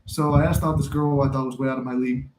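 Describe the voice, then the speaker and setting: A man's voice: medium pitch, flat delivery, very fast, a little mellow, roomy sound, a little hiss or hum. A man hosting a casual live chat who jokes, laughs often and acts out movie scenes. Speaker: podcast host.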